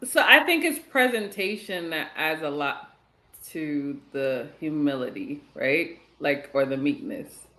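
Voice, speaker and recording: An animated speaker in a casual group Bible discussion. They laugh often and fill their sentences with "like" and "you know". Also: medium pitch, measured pace, low-quality recording.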